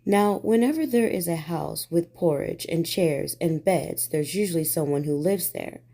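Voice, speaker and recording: A woman reading a bedtime storybook aloud in a gentle, soothing way. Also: low voice, moderate pace, gravelly.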